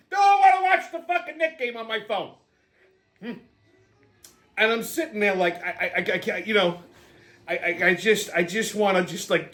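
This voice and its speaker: A fed-up man with a noticeably high voice rants straight to his audience, cursing freely. He trips over himself with stammered restarts as his aggravation builds, sounding worn out by the people around him. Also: fairly bright tone. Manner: exasperated, sweary, rapid restarts and stammers. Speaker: channel host. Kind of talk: profane ranting monologue.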